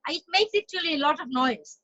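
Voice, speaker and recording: High, bright-voiced Bangladeshi-born woman on a call. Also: lively intonation, a little fast. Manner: talkative, repeats and restarts phrases often. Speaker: interview guest, entrepreneur. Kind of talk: casual interview chat. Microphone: video call. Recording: dull lo-fi call audio.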